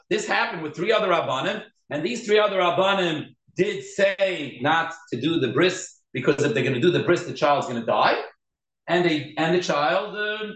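A man teaching a Torah class as a rabbi, animated, mixing Hebrew terms into English and acting out quoted speech. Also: fairly high pitch, moderate pace. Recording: roomy echo.

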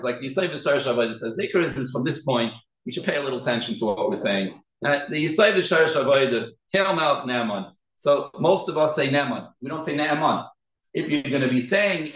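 A man's voice: mid-range voice, reverberant, low-quality recording. A man teaching a Torah class to a group, earnest, often repeating and restarting his words as he stresses how to pronounce them.

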